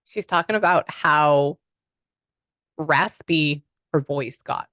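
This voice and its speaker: A woman's voice: sits low, takes it slowly, fairly bright tone, dry recording. A woman working as a psychic medium who chats through a reading, rambling with many fillers. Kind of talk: casual spirit reading.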